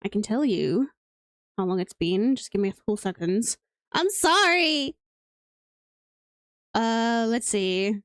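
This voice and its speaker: A woman's voice: mid-range voice, normal speed, dark tone, no echo, studio quality. A woman from Wales with a British accent, chatting playfully and rambling through live gameplay commentary as a streamer. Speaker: game streamer.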